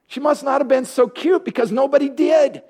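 A man's voice: extremely high pitch, steady tone, moderate pace, a little mellow. A man preaching a sermon, retelling a Bible story playfully and joking with his congregation.

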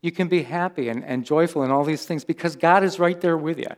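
A man's voice: fairly high pitch, fairly quick. A man preaching a conversational sermon as a pastor, informal and humorous, often asking the congregation questions.

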